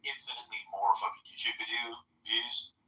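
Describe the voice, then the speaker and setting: A man's voice: mid-range voice, steady tone, fairly quick, bright, forceful tone. A man rambling casually, full of fillers, shrugging off insults in a podcast chat. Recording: roomy, distant, dull audio.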